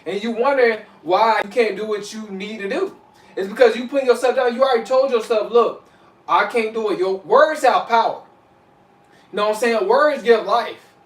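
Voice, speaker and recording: A man's voice: high-pitched, moderate pace, distant mic. A man vlogging casually to camera, preaching advice in a repetitive, loose way and often asking "you know what I'm saying". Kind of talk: casual motivational talk to camera. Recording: echoey room, voice off-mic.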